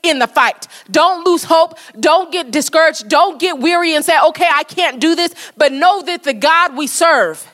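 Woman preaching, high voice, keeps hammering the same lines, fired up. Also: measured pace, few pauses, a bit bright, long reverb tail. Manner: fervent, repetitive exhortation. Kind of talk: sermon.

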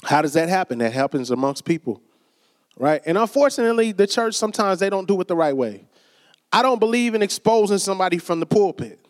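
A man's voice: high-pitched, animated, fast. A man preaching a casual, conversational sermon in a church, calling for amens and acting out quoted voices. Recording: long reverb of a church hall.

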